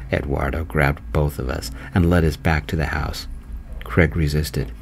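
A man narrating his own romance story in a gentle, slow, soft-spoken voice. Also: rumbling low, little pitch movement, gravelly, a little hiss or hum.

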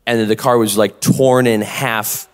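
A man co-hosting a live podcast, telling a story in a lively, animated way. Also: mid-range voice, measured pace. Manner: animated, acts out both sides of quoted exchanges. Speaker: podcast co-host. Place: convention stage with long reverb. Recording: live hall reverb.

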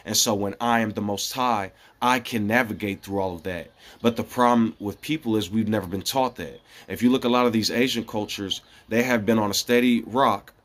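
A man in a casual spiritual monologue, rambling and earnest, often dropping to a soft hushed voice. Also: lowish voice. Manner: rambling and earnest, with many fillers and restarts. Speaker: vlogger.

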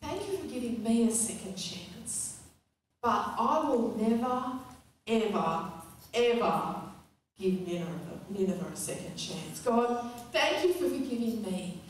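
A woman's voice: fairly high pitch, sing-song, unhurried, slight background noise. A woman voicing an angry, bitter male prophet, with indignant, pleading outbursts. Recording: echoey hall, distant mic.

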